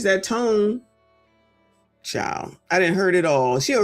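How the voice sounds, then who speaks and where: A woman's voice: mid-range voice, very animated, moderate pace, faint music behind. Sassy, blunt woman commentator. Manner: sassy, blunt, talks straight to viewers. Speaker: commentary channel host. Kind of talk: reaction commentary on clips.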